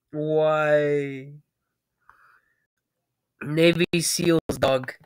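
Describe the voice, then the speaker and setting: A woman's voice: sits low, clear, resonant tone, no echo, studio quality. A young woman giving casual reaction commentary, swearing a lot and laughing between surprised exclamations. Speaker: reaction video creator.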